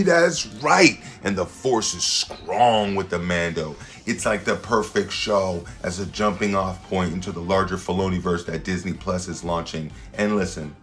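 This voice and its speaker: A man, a standup comedian hosting his own show, rambling through a slangy, playful comedic monologue with sudden loud jumps. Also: fairly low pitch.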